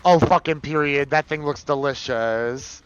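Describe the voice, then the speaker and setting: A man streaming live, chatting casually and campily with his viewers while he plays, his pitch jumping up for excited bursts. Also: a little slow, noisy background. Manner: chatty and campy, reading chat aloud, swinging pitch. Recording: dull lo-fi stream audio.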